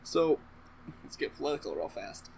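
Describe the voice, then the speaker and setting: A man's voice: medium pitch, sing-song, moderate pace, darkish tone, slight background noise, rough recording. A man casually rambling through a comedic movie recap to camera, swearing freely and interrupting himself with asides. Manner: profane, offhand and rambling, with self-interrupting asides. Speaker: comedic vlogger.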